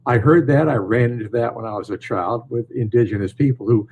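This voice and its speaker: An older man from northern New York, a storyteller answering interview questions in a calm, measured way. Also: medium pitch, slight background noise, low-quality recording. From northern New York, USA. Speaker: storyteller and author, guest. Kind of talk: podcast interview.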